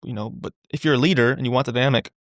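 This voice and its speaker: A man with a gravelly, fry-tinged voice talks freely as a podcast guest. He circles back on his words and swears in passing. The sound is close and dry, with no room around it. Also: mid-range voice, very fast, a bit bright, no echo. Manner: rambling, repeats words, swears casually. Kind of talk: candid conversational interview.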